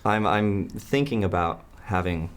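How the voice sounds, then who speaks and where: A male game master wraps up a tabletop session and takes viewer questions. His voice is lively, and he laughs often and teases his players about secrets he won't share. A faint noise hums in the background. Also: fairly low pitch, unhurried. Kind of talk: casual Q and A wrap-up.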